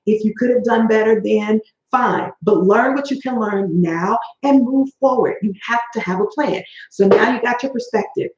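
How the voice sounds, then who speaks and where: A woman's voice: medium pitch, a little mellow. A woman hosting a motivational coaching video, speaking emphatically and in a folksy way that addresses listeners as honey and baby. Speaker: host and life coach. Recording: roomy, dull lo-fi sound.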